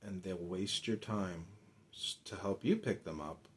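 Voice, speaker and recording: A man hosting a comedy chat room, rambling through crude stories with deadpan asides. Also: deep voice, measured pace. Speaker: host.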